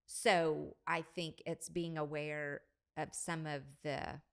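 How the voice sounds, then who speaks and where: An older woman hosting a parenting podcast, giving measured, thoughtful advice in a casual discussion. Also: sits low, level tone, gravelly, smooth. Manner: measured, thoughtful, drops softer when quoting parent-child talk.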